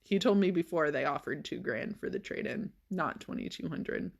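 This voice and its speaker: A woman's voice: lowish voice, animated, normal speed, creaky, slightly rough. A woman vlogging in a casual monologue, telling a story in a sarcastic, exasperated way.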